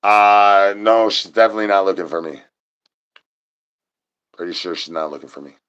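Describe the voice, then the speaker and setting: Man, deep voice, livestream host; silly wordplay, repeated singsong catchphrases. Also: normal speed, fairly bright tone, clear, resonant tone, lo-fi sound. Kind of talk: rambling goofy livestream chatter.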